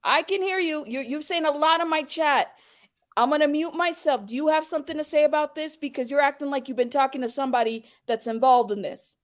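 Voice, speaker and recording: Speaking a little fast in a high voice, this woman runs a livestream and heatedly confronts a viewer in her chat. She presses him to come on and explain himself.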